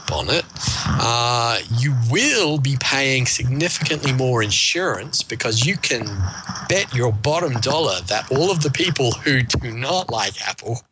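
A man's voice: medium pitch, animated, a little slow, noisy background. A man with a New Zealand accent co-hosting a tech podcast, joking in a dry, sarcastic way. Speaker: podcast co-host. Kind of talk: casual tech podcast chat.

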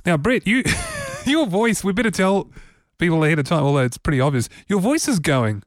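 A man's voice: high voice, wildly swooping pitch, a little fast, dry recording. A man hosting a casual tech podcast from a studio, talking in a loose, chatty way with frequent restarts. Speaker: podcast host.

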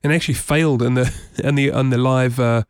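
A man with a New Zealand accent hosting a casual tech podcast, talking in an animated, excitable way. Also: mid-range voice, brisk, smooth, no echo, studio quality. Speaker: podcast host.

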